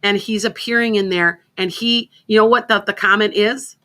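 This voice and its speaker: A woman's voice: mid-range voice, fairly even intonation, normal speed, sharp tone. A woman hosting a psychic radio show in casual, rambling chat, often restarting her sentences. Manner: chatty, rambling, self-interrupting.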